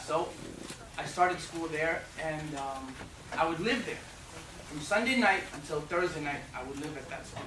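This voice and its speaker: Energetic joking man in an echoey hall. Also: on the high side. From Newfoundland, Canada. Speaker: guest speaker. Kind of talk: humorous talk to an audience. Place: university lecture hall. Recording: echoey hall, far from mic, noisy.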